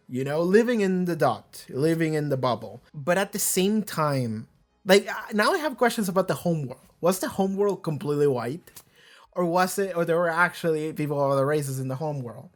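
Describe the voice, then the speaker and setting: A man hosting a reaction video, talking casually and animatedly, rambling with frequent restarts and swearing. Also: a little high.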